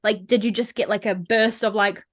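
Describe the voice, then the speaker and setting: A woman's voice: medium pitch, fairly even intonation, moderate pace. A woman hosting a podcast, bubbly, effusive and playful in casual chat. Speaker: podcast host.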